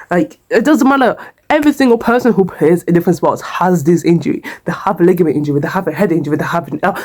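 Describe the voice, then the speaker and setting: A woman's voice: fairly low pitch, darkish tone. A young woman vlogger telling a casual storytime, chatty and repetitive, with frequent swearing. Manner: chatty, repeats herself, swears, sings a short hymn.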